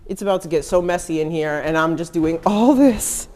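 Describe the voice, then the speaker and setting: A woman's voice: on the low side, a little fast, darkish tone. A woman in her home kitchen, talking to camera in a mock cooking tutorial and teasing her husband with earnest, over-serious instructions. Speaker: vlogger pranking her husband.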